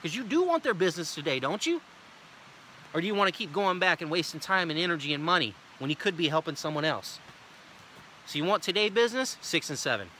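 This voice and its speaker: A middle-aged man giving a sales training talk, emphatic and repetitive as he coaches his team and acts out pitch lines. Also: sing-song, fast talker, pushed and bright, a little hiss or hum.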